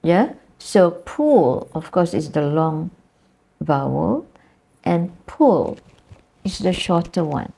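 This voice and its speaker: A woman's voice: on the low side, very animated, slow, creaky, warm tone, breathy edge. A middle-aged woman lecturer with a Malaysian English accent, teaching pronunciation conversationally and often checking in with "you know" and "yeah?". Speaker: university lecturer.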